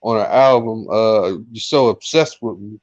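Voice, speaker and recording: A man's voice: on the low side, normal speed, a little mellow, no room sound. Easygoing chuckling man, lo-fi mic. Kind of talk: casual chat.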